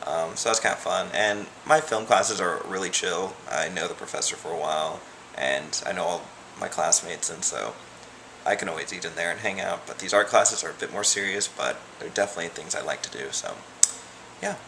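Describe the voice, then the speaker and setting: A man's voice: low voice, fairly quick, pushed and bright, slight background noise. A young man vlogging about his college life in a casual, rambling way, full of "like" and "um". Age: young adult. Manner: rambling, loose, peppered with "like" and "um". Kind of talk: casual vlog chat.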